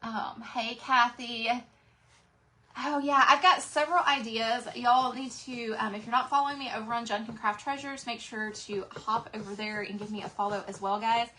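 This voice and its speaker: A woman's voice: on the high side, fairly even intonation, normal speed, sharp tone. A woman with a Texas accent hosting a casual craft livestream from her craft room, chatting with viewers and greeting them by name.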